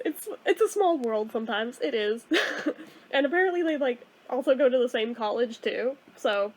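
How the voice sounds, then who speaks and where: Chatty high-voiced woman vlogger. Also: lively intonation, moderate pace, darkish tone. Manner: chatty, self-deprecating, giggly. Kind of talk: casual chat.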